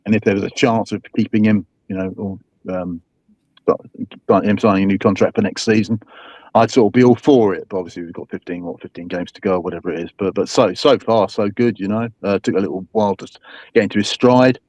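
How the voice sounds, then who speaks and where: A man's voice: fairly low pitch, fairly even intonation, quick pace, darkish tone, no echo, highs cut off. A man on a football podcast talking in a rambling, hesitant way with many fillers. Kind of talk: casual football chat.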